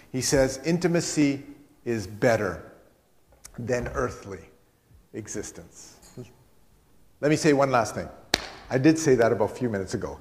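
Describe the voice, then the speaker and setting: A man preaching a sermon as a guest speaker, telling stories earnestly and slowing down for emphasis, in a church hall. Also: mid-range voice, expressive, a little mellow. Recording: long hall reverb.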